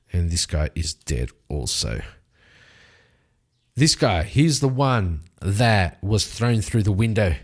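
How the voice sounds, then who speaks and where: A man narrating his solo tabletop role-playing game, telling the fight with lively sound effects. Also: medium pitch. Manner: animated storytelling with sound effects.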